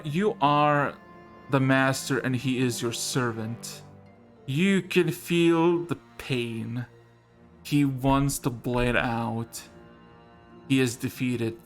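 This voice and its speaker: A man narrating a tabletop role-playing session as game master, drawing out his descriptions slowly and dramatically. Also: medium pitch.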